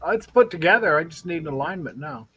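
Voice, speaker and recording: A man chatting casually as a guest on a live stream, folksy and quick to laugh. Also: on the high side, expressive, fairly bright tone, slightly rough, poor audio. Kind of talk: casual chat.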